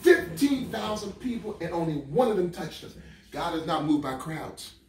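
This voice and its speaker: A male preacher with a high, ringing voice delivers a call-and-response sermon, hammering his lines over and over and rising into shouts. He sounds set back from the microphone in a reverberant church sanctuary. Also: lively intonation, moderate pace, a little hiss or hum. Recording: echoey room, mic far off.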